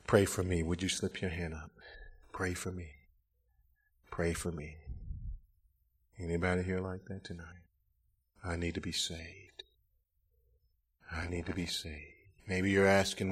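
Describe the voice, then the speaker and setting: A middle-aged man preaching a revival sermon in a church, swinging between fervent shouts and hushed, gentle pleading during an altar call. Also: low voice, steady tone, moderate pace, long pauses, breathy edge. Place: church sanctuary.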